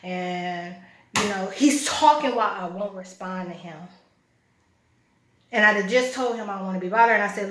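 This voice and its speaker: A woman's voice: medium pitch, moderate pace, a bit bright, a little hiss or hum. Blunt, profane woman ranting in an echoey room. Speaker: vlogger. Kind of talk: casual storytelling.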